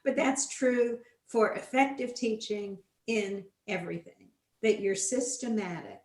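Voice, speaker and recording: A woman's voice: medium pitch, measured pace, a little mellow. A woman guest educator explaining teaching methods in a conversational, emphatic way. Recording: roomy echo.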